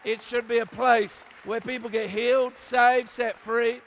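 A man's voice: very high voice, little pitch movement, a little slow, creaky, a bit bright, a faint crowd, slight background noise. A man with an Australian accent preaching a sermon, telling funny stories from his youth and building up with emphatic repetition. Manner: storytelling with humor, emphatic repetition. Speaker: pastor. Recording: long hall reverb.

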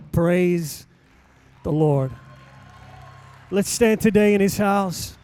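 A man, a pastor, preaching a sermon in a church and rising to loud exhortation as he reads scripture. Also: high voice, very slow, pauses often. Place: church sanctuary.

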